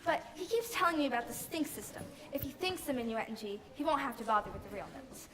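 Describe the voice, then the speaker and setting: An actress playing a prim, guarded young piano teacher in a small town, polite and reserved, heard from a distance in an old film soundtrack. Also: female voice, high voice, expressive, fast talker.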